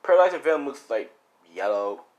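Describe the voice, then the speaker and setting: A man improvising a fan-made story out loud, rambling and full of fillers. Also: mid-range voice, lively intonation, a little fast.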